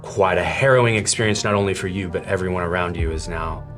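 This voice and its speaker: A man narrating a tabletop game as game master, telling the story dramatically with halting restarts. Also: deep voice, a bit bright, faint music behind.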